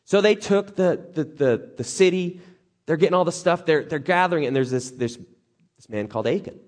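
A man preaching a sermon as lively storytelling, joking and acting out the characters. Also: a little high, brisk. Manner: animated, jokey, acts out characters.

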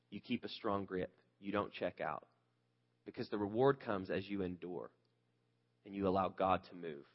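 A man's voice: fairly low pitch, dull audio. A male pastor preaching a conversational sermon, earnest and candid, asking the listeners rhetorical questions.

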